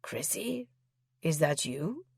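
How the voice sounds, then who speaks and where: A woman voicing a tall, commanding male gaming-house owner with a sharp, irritated manner. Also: deep voice, sing-song, takes it slowly, creaky, husky, no room sound, clean studio sound, full character voice. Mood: surprised, teasing.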